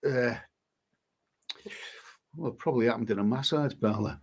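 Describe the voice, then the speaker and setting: A man, a travel vlogger, casually reading viewer comments aloud and answering them in a halting way with many restarts. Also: medium pitch, a little mellow. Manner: halting, frequent restarts, reads comments aloud then replies. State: coughing now and then. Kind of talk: casual live-stream chat.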